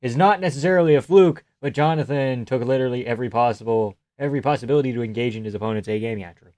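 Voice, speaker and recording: A young man hosts a live stream in a loose, offhand way, reading viewer comments aloud. He swears freely and laughs often. His voice sits at an ordinary pitch and sounds dry and close, with no room echo. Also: quick pace, darkish tone.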